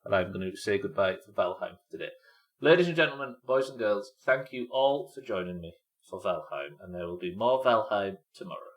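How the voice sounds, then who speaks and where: A young man hosting a live game stream, bantering with chat in a sweary, exasperated way. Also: medium pitch. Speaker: streamer host.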